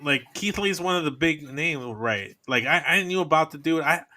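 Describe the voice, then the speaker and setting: A man's voice: on the high side, expressive, moderate pace, bright, forceful tone. A man co-hosting a casual podcast, joking and riffing energetically. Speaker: podcast co-host. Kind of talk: casual chat.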